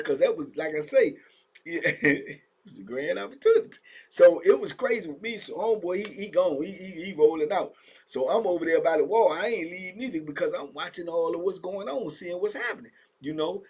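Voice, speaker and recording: A man with a Virginia accent telling stories about prison life in a casual, animated way, full of street slang and acting out the voices of other people. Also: fairly high pitch, slightly rough. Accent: Southern US, Virginia. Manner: animated, acts out voices of inmates and guards, drawling street slang. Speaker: storyteller recounting prison life. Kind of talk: casual storytelling monologue.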